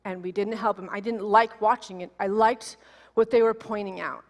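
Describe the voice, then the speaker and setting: A woman minister in her forties giving a sermon, telling a personal story in an animated, emotional way. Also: mid-range voice, normal speed. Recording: long reverb of a large hall.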